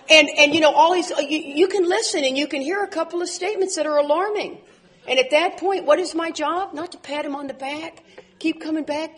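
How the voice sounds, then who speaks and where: A woman in her forties speaking at a recovery convention, telling animated stories with laughs and loud outbursts. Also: extremely high pitch, brisk, a little hiss or hum. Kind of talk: speaker talk to an audience.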